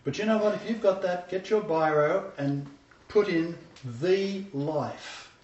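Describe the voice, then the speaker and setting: A man's voice: high voice, slow, darkish tone. A man preaching a sermon, emphatic and repeating his scripture references as he speaks. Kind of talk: sermon with congregation interjections. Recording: echoey room, dull sound from far off.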